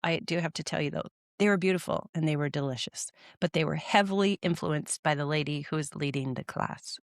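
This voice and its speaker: A woman's voice: low-pitched, a little fast, dry recording, clean studio sound. A woman in her forties co-hosting a casual podcast chat, laughing often and swearing freely. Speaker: podcast co-host. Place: California.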